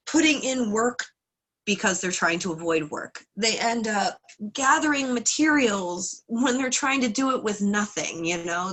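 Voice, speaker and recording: Casting: woman class leader, chatty storyteller, mid-pitched. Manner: lively, chatty, with fillers and asides. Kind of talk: casual storytelling lesson.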